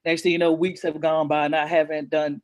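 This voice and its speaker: A woman's voice: low-pitched, level tone, a little fast, darkish tone, dry recording. A woman guest author telling her personal story in an interview, earnest and emotional, often repeating herself as she goes.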